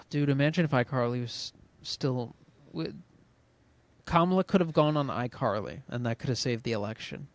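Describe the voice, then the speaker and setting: Young dude cohosting, mid-pitch voice, jokey and offhand, dry close mic sound. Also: male voice, expressive, moderate pace, dry recording. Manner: joking, offhand, trails off with fillers. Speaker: podcast co-host. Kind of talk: casual chat.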